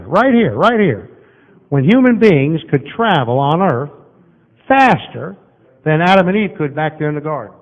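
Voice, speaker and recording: A man, preaching a sermon as a guest speaker in a church auditorium, folksy and lively as he walks the room. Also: sits high. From Southern United States. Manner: folksy, lively, walking and pointing across the room. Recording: dull, long-reverb hall recording.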